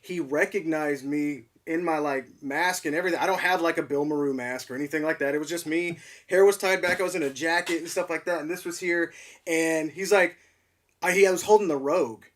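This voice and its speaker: A male livestream host chatting casually, excitable and laughing often, with lots of fillers. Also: fairly high pitch, brisk. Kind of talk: casual chat. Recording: voice a bit distant from mic.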